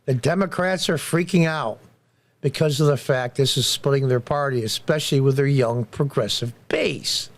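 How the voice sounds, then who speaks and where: A middle-aged man with a gravelly edge to his voice, speaking at a middle pitch. He delivers a blunt, indignant commentary monologue and hammers his points home by repeating them. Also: moderate pace. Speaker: host of a commentary show.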